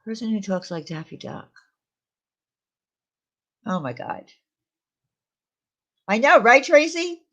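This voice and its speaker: A woman's voice: on the high side, very animated, slow pace, pauses often. A woman chatting casually on a live stream, answering viewers' comments aloud. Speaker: streamer reading chat. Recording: dull lo-fi stream audio.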